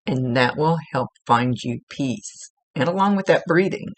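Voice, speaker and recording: A woman's voice: a bass voice, animated, a little slow, no room sound. A woman working as a psychic medium, giving a spirit reading in an earnest, chatty way and repeating words for emphasis. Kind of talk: spirit reading, relaying messages.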